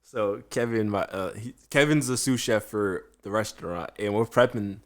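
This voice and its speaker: A man hosting a casual podcast, an animated storyteller who laughs often. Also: fairly low pitch, moderate pace. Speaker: podcast host and chef.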